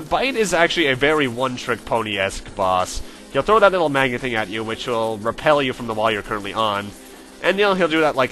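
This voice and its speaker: A man's voice: mid-range voice, bright, forceful tone. A man hosting a let's play, chatting casually about the game as he plays and often correcting himself mid-sentence. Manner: chatty and self-correcting, with frequent fillers. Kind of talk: casual gameplay commentary.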